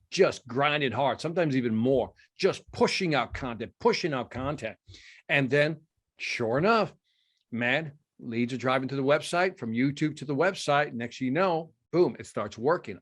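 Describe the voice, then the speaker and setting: Animated storytelling man. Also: mid-range voice, breathy edge. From Chicago. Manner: animated storytelling, acts out dialogue. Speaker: guest, sales speaker. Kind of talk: storytelling interview.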